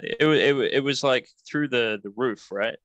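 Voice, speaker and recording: A man's voice: medium pitch, normal speed, a bit bright, no echo, lo-fi sound. A man playing a tabletop game, hesitant and often restarting his sentences. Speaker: player. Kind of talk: casual play at a tabletop game.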